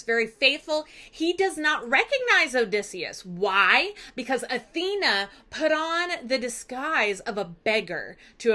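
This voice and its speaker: Bright, animated woman teacher. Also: fairly high pitch. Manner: animated, conversational storytelling. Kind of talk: recap lesson.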